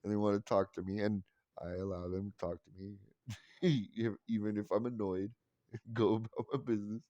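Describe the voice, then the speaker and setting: A man in his forties rambles through casual stories, swearing freely and mocking himself wryly. His voice sits fairly low, and the recording is close and dry. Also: fairly even intonation, moderate pace, mellow, no room sound, muffled recording. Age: 40s. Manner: rambling, profane, wry self-mocking. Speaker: vlogger. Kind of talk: casual storytelling monologue.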